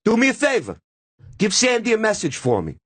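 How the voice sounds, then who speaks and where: A man's voice: wildly swooping pitch, a little fast, full character voice. A man putting on a brash, profane older male comic who bullies and taunts. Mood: taunting. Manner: loud, taunting, higher-pitched.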